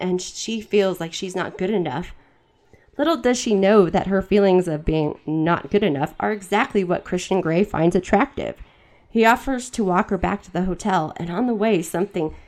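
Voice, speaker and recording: A woman hosting a podcast, reading fan fiction aloud in a dramatic voice and breaking off for wry, mocking asides. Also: lowish voice. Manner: wry, mocking asides between read passages. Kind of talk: dramatic reading with sarcastic commentary.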